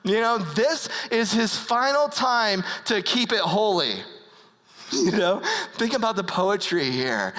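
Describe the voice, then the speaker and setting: A preacher tells a sermon as an earnest story, at an unhurried pace and in a bright, forward tone. Sentences often break off and restart mid-word. The voice carries a long reverb, as in a large hall. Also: mid-range voice, animated.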